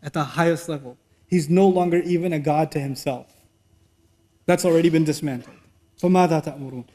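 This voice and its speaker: A man's voice: a little high, steady tone, very fast, dark tone. A man giving a sermon lecture, retelling a story animatedly with rhetorical questions. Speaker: Islamic speaker.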